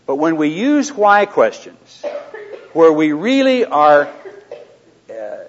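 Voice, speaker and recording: Man, seminar speaker, live audience, conversational, rhetorical questions, quiet asides, lo-fi recording. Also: a little high, very animated, slow pace. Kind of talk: anecdotal teaching to a live audience. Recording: dull lo-fi recording.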